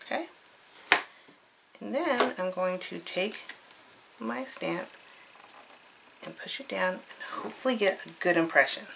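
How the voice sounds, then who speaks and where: A woman's voice: medium pitch, expressive, unhurried, creaky, pauses often, fairly bright tone, a little hiss or hum, poor audio. A woman hosting a craft tutorial, chatting cheerfully and thinking aloud as she works. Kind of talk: casual craft demonstration.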